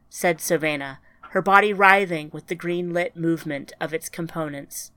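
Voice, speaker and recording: A woman narrating a scripted audiobook in a quiet, even storytelling manner. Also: lowish voice, normal speed, few pauses, dry recording.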